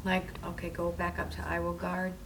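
A woman student in class asking questions in a halting way. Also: fairly low pitch, monotone, crowd noise.

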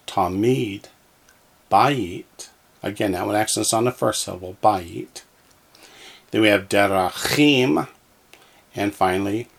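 A man's voice: on the low side, vocal fry, slightly rough. A man teaching a language lesson, patiently saying each word twice so that listeners can repeat after him. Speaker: Hebrew teacher. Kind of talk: slow, deliberate language lesson.

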